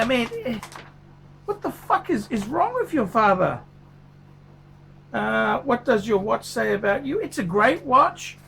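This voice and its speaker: A man's voice: very high-pitched, vocal fry, a bit bright, slight background noise, exaggerated voice. A man voicing a furious, foul-mouthed male watch reviewer who swears constantly in a paid review rant. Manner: swears constantly, ranting, blunt.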